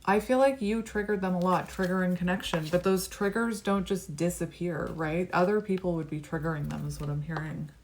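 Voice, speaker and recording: Lower-pitched woman reading tarot. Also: brisk, hardly any pauses, a little hiss or hum. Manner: reflective, musing, card by card. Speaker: tarot reader.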